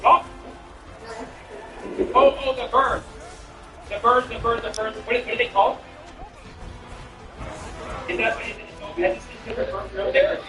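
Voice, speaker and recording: A man's voice: extremely high pitch, huge pitch swings, measured pace, pauses often, sharp tone, distant mic. A man streaming a game and chatting with viewers, a comedian with profane, rambling, incredulous banter. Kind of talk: casual gameplay chat with viewers. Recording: echoey room, off-mic, music behind.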